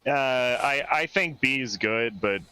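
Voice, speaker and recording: A man co-hosting a podcast in casual chat, animated and quick to act out characters in silly voices. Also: medium pitch, clear, resonant tone, no room sound. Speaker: podcast co-host.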